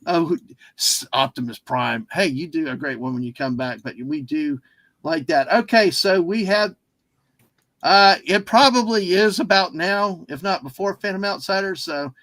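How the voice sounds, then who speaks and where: Rambly guy hosting a stream, high voice, dry close sound. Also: moderate pace, fairly bright tone, dry recording. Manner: rambling, easily distracted, self-interrupting. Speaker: livestream host. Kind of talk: casual livestream chat.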